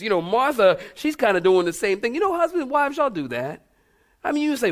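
A middle-aged man preaching a sermon, animated and humorous, calling out to his congregation. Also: high voice, fast talker. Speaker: pastor.

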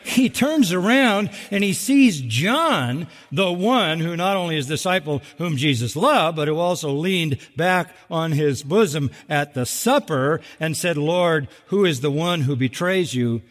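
Animated preacher in a reverberant hall. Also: male voice, a little high. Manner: animated, emphatic, dramatizing scripture with wry humor. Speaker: pastor. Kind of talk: sermon. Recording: long reverb of a large hall.

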